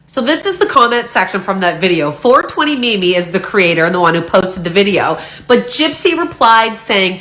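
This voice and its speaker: A woman's voice: medium pitch, very animated, normal speed, few pauses, sharp tone. A woman narrating and explaining a social media clip in a casual commentary style.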